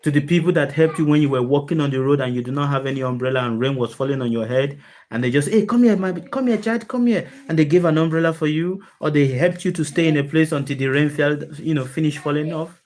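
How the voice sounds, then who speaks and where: A woman's voice: sits low, steady tone, fast, a little mellow. A woman giving a spiritual talk to an online group over a video call, emphatic, often asking her listeners questions and repeating key phrases. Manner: emphatic, asks the listeners many rhetorical questions. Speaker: spiritual teacher.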